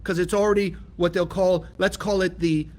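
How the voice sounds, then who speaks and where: Speaking at a moderate pace in a high, level voice, a male Kabbalah teacher from California gives a spiritual lesson. His delivery is emphatic, and he frequently puts rhetorical questions to his listeners.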